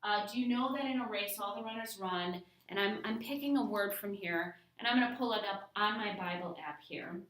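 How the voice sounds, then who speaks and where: A woman's voice: medium pitch, a little fast, few pauses, a bit bright. A woman teaching a casual Bible study lesson, talking through a verse and leaning on single words to show emphasis. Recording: roomy, from a distance.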